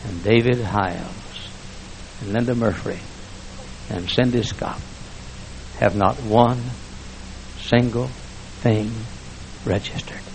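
A man preaching a fiery church sermon, swinging between shouted lines and hushed speech with emphatic repetition. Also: fairly low pitch, steady tone, takes it slowly, vocal fry, long pauses, a little hiss or hum, rough recording. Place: church sanctuary before a congregation.

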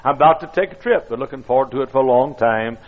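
A man's voice: mid-range voice, fast talker, phone-quality sound, natural voice. A man voicing a dying old woman who speaks joyfully about going to heaven. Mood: serene, joyful.

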